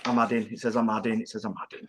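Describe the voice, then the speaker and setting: A man's voice: fairly low pitch, little pitch movement, racing, background noise. A man co-hosting a casual livestream, bantering, swearing and laughing a lot. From England. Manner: laughs often, teasing. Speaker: co-host of a vaping livestream.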